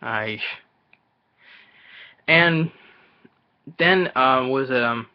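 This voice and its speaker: In a dull lo-fi recording, a male vlogger who reviews movies rants in a trailer reaction video, tripping over his words, starting over and repeating himself out of exasperation. His mid-range voice moves very slowly.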